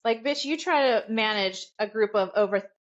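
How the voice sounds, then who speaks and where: Animated woman co-host, dull audio. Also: mid-range voice, moderate pace. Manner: animated, swearing, acts out quotes. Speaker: podcast co-host. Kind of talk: casual chat.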